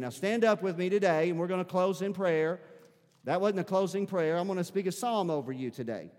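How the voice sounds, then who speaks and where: Fervent high-voiced male pastor preaching. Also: a little fast, long reverb tail. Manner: fervent preaching with rising, shouted prayer. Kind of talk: sermon. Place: church sanctuary.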